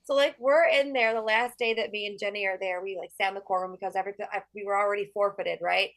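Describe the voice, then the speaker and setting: A woman guest telling a story in casual chat, animated, full of "like" and swearing. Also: medium pitch, fast, no echo.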